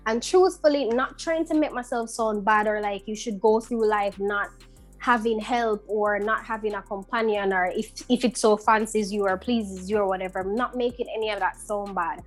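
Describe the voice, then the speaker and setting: A woman's voice: medium pitch, moderate pace, soft background music. A woman co-hosting a podcast, talking emphatically and bluntly in casual chat, mixing in patois. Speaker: podcast co-host.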